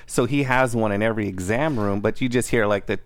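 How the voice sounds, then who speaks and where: A man's voice: on the low side, fast, dry recording. Man rambling in dry close sound. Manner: rambling, restarts, crude jokes. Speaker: podcast co-host. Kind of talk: casual chat.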